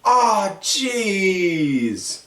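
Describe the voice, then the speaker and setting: A man's voice: high voice, sing-song, very slow, fairly bright tone, pitched above the performer's own voice, full character voice. A man doing a flustered, panicky wrestler. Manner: stammering, rising exclamations. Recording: echoey room, distant mic.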